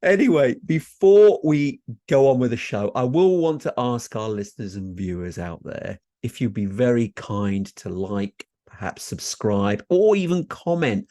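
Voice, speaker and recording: A man's voice: mid-range voice, lively intonation, a little slow, few pauses, dark tone, dry recording, clean studio sound. A man co-hosting a talk podcast, upbeat and chatty, laughing often. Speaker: podcast co-host. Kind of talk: casual chat.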